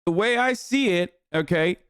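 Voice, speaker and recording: A man talks to his live-stream chat in a loose, profane ramble, piling on restarts and fillers. His voice sits a little high and comes through smooth and resonant. The sound is close and dry, with no room around it. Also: lively intonation, normal speed, a bit bright, no room sound. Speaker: streamer reacting to clips. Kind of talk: casual live-stream commentary.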